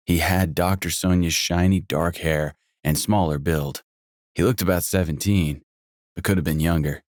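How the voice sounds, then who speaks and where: A man with a very low voice reads a first-person audiobook in a measured, even way. The sound is dry and close, with no room around it. His delivery stays steady through description and scene. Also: no room sound. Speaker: audiobook narrator.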